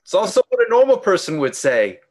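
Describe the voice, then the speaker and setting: A wisecracking player in a tabletop horror game delivers dry questions and quips. The voice moves lively up and down in pitch. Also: fairly quick. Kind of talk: in-character tabletop play.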